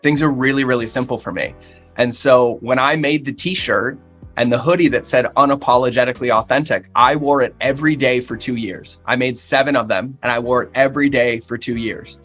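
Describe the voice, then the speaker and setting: A man's voice: mid-range voice, brisk, fairly bright tone, faint music behind. A man talking as a podcast guest, with an emphatic, punchy way of speaking that repeats phrases for effect. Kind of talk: motivational interview talk.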